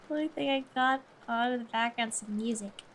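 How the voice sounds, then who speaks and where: A woman's voice: on the high side, huge pitch swings, measured pace, bright, forceful tone, slight background noise. A woman streamer chatting casually and reading aloud, often breaking off to giggle.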